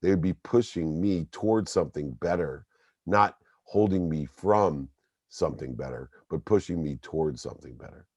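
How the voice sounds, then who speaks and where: Guest, middle-aged man, very deep voice, dry close sound, emphatic storyteller. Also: moderate pace, darkish tone, no room sound. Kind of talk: storytelling interview.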